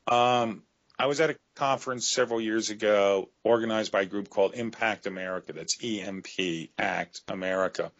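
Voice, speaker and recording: A middle-aged man with a lowish voice talks as an interview guest. He lays out grave scenarios in an earnest, storytelling way. The audio is dull and lo-fi. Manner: earnest storytelling, growing emotional. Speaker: author guest.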